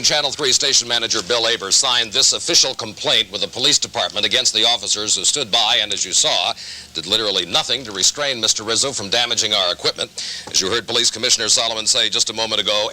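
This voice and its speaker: Male news reporter, quick pace, bright edgy tone, measured and indignant. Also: lowish voice, a little hiss or hum, rough recording.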